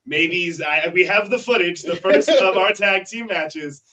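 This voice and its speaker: A man's voice: high-pitched, unhurried, pushed and bright, recorded from a distance, rough recording. A man, a wrestler in a tag team, chatting casually and telling stories at length. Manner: talkative storyteller. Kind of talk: casual interview chat.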